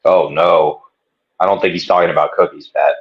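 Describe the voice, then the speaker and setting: A man's voice: deep voice, fairly even intonation, moderate pace. A man co-hosting a podcast, bantering in laid-back asides with occasional chuckles. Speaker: podcast co-host. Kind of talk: comedic banter. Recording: muffled lo-fi audio.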